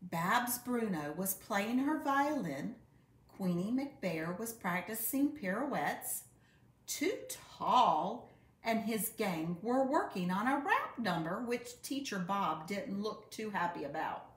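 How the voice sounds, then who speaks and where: Woman reading a children's storybook aloud, slow and expressive, lively pitch, roomy echo. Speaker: storybook reader.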